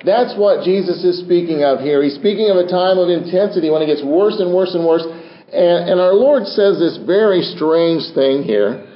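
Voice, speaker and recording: An older male pastor with a voice that sits high preaches a sermon from the pulpit at normal speed, using dramatic, swinging delivery and repeated phrases. The recording, made in a church sanctuary, sounds roomy and dull.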